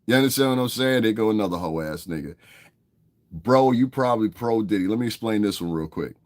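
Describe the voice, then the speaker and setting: Low-voiced man taunting his chat. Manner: confrontational, taunting, profane. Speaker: vlogger. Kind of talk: casual profane commentary to a live chat.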